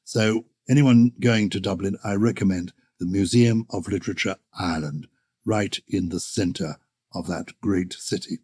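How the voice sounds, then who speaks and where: A man's voice: low voice, normal speed, darkish tone, husky. A man hosting a language podcast, chatting with enthusiasm and theatrical asides. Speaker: podcast host. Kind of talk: podcast chat.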